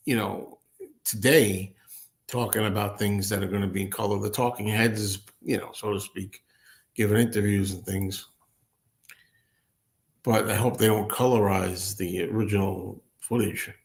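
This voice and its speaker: A man hosting a casual solo livestream. He answers viewer comments indoors at a table with a laptop, rambling, thinking aloud and laughing often. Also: on the low side. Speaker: host.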